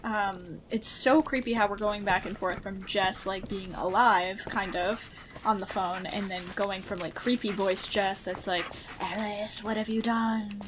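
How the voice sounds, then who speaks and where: A young woman commenting on her gameplay, chatty, easily startled and quick to swear. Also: mid-range voice, fairly even intonation, background noise. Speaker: gaming host. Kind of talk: let's play commentary.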